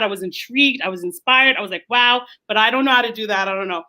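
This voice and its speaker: Lively high-voiced Brooklyn woman. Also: fast talker. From Brooklyn, New York. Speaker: opera singer guest. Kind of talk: casual interview chat.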